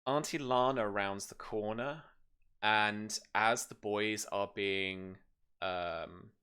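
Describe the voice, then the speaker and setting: A man's voice: on the low side, fairly even intonation, slow pace, sharp tone, clean tone. A man narrating as game master, describing scenes in loose speech with many fillers and restarts.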